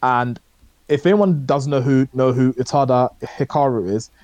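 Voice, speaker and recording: A man's voice: mid-range voice, normal speed, darkish tone, no echo. A man co-hosting a podcast, chatting casually about shows he watched, rambling and hesitant with many fillers. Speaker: podcast co-host. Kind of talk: casual chat reviewing shows.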